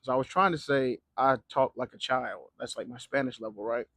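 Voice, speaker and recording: A man's voice: medium pitch, fairly quick, a bit bright, dry recording. Slangy, casual man on a dry mic. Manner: loose, slangy and profane, with lots of fillers. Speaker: Spanish teacher and vlogger. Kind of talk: casual talking-to-camera advice. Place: living in Mexico.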